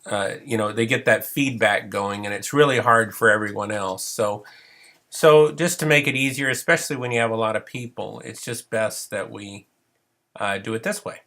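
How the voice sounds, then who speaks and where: A middle-aged man with a lowish, slightly bright voice who is losing it leads a casual online training webinar at normal speed. He's a counseling supervision trainer, and he talks in a chatty, rambling way full of fillers.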